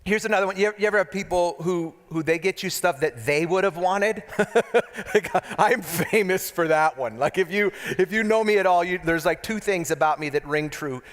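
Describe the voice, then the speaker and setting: Pastor guy cracking jokes mid sermon, kinda high voice, big church echo. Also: fairly quick, a bit bright. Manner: joking, storytelling, talks to the crowd with asides. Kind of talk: humorous sermon. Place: church hall. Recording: long church hall echo.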